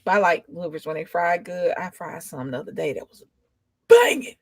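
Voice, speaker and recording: A woman's voice: low voice, brisk, dry recording. A young adult woman rambling in casual chat, drawling and emphatic as a co-host.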